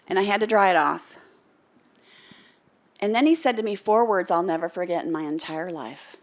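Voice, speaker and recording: A woman's voice: fairly low pitch, moderate pace, pauses often. An American woman giving a motivational keynote speech on stage, telling a story and acting out the lines of the people in it while calling on the audience to answer her. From United States. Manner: animated, calls for audience responses; storytelling, acts out quoted lines. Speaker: motivational speaker. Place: stage before a live audience.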